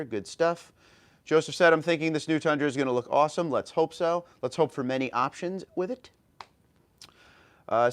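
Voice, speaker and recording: A man hosting a casual home livestream, greeting viewers by name and reading their comments aloud in a friendly way. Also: medium pitch. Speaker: livestream host. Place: home room.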